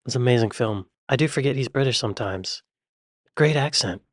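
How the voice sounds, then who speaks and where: A man's voice: medium pitch, quick pace, no room sound, studio quality. A man from the Southeastern United States, chatting casually as he reacts to a video and repeating himself in an easygoing way. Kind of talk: casual commentary.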